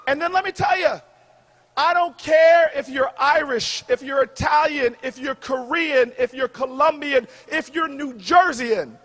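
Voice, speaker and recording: A man in his forties tells a comic story from a podium, his voice pushed very high as he shouts the big lines. He builds in a preacher's rhythm and calls out to the crowd for a witness. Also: measured pace. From United States. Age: 40s. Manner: booming, shouted punchlines with preacher-like call and response. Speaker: commencement speaker. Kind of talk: humorous storytelling speech. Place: outdoor graduation ceremony stage.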